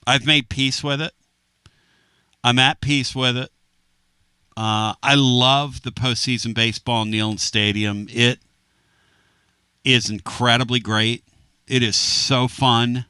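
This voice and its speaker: A man hosting a sports talk radio show, animated and rambling with quick asides and jokes. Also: medium pitch, clear, resonant tone, no echo. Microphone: studio microphone.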